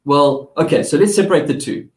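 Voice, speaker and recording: A man talking excitedly about gadgets in a casual radio chat, explaining with frequent restarts. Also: on the high side, brisk, rough recording. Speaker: tech commentator.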